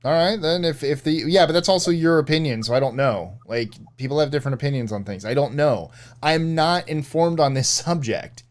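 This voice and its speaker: A man's voice: a little high, fairly quick, hardly any pauses. A man co-hosting a casual live stream, rambling and correcting himself as he answers chat.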